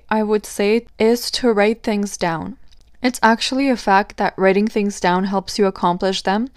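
A woman's voice: mid-range voice, darkish tone, clean tone, no echo, clean studio sound. A woman hosting her own podcast, giving upbeat advice and asking her listeners questions. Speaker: podcast host. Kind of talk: solo podcast talk.

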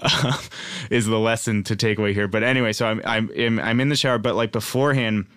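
A man's voice: fairly low pitch, fairly even intonation, fast, a bit bright, smooth, no echo. Young man with a dry, close sound. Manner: laughing storyteller, heavy on "like" fillers. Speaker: podcast co-host. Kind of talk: casual chat.

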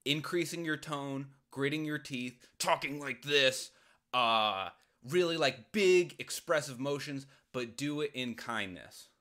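A man with a bright, forward voice hosts a solo advice podcast. He rambles and jokes his way through a listener's question, breaking into sudden loud outbursts. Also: medium pitch, lively intonation, unhurried.

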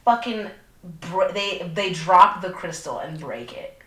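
A woman's voice: fairly low pitch, takes it slowly. A young woman co-hosting a podcast, retelling a movie plot in casual, profane chat, full of fillers. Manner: profane, animated storytelling with lots of fillers. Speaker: podcast co-host. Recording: echoey room.

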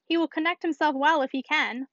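A woman's voice: high-pitched, fairly quick, fairly bright tone, no echo. A woman reading as a confident young lady. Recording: dull, dry lo-fi recording.

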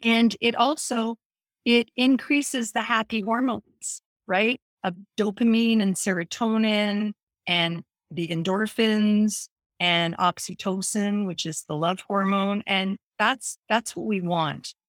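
A woman sharing wellness advice in an earnest, encouraging tone and leaning on her key words. Her voice has a medium pitch, and the sound is dry and close-miked. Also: fairly even intonation, slow, no echo. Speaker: wellness speaker. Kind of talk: casual health talk.

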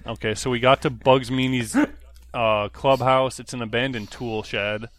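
A man's voice: mid-range voice, steady tone, normal speed, fairly bright tone, no echo. Man reading a mystery aloud, joking asides. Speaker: podcast co-host. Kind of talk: casual comedic read-aloud.

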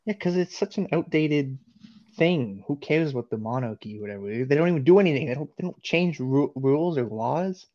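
A man's voice: a little high, animated, a little fast, darkish tone, highs cut off. A man co-hosting a podcast, chatting in a laid-back, easygoing way with lots of laughing banter. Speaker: podcast co-host. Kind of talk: casual podcast chat.

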